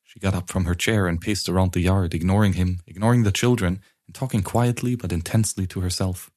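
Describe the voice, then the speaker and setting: A man narrating an audiobook in a steady, even reading manner. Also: low-pitched, brisk.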